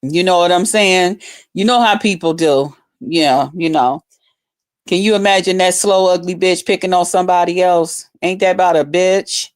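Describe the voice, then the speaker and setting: A woman vlogger giving casual, heavily profane commentary, bursting into loud excited outbursts. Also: fairly low pitch, normal speed. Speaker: vlogger reviewing a livestream contest.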